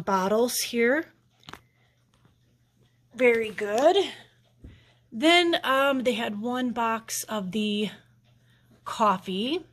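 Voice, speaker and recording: A middle-aged woman chatting casually to viewers as she shows off her haul, gushing, with many ums. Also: on the high side. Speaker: vlogger showing her haul. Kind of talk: casual vlog chat to viewers.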